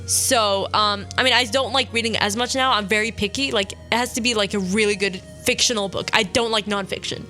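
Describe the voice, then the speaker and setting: With faint music behind her, a young woman radio host shares a personal story in a loose, chatty style, frequently correcting herself, using "like" often and sniffling at times. Her mid-range voice is steady and sharp in tone, moving fairly quickly with few pauses.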